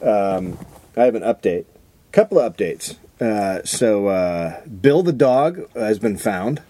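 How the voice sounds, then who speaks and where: A man co-hosting a comedy podcast, telling a story in crude casual banter and mimicking other people's voices with sudden high jumps. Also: animated, slow pace, warm tone. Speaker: podcast co-host.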